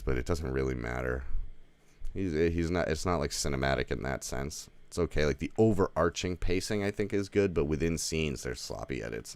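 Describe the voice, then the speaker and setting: A man's voice: rumbling low, gravelly, darkish tone, no echo. A man giving a casual, rambling movie review at home, swearing freely and leaning on "like" as he talks. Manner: rambling, profane, heavy use of "like". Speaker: film reviewer. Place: home, with a dog nearby.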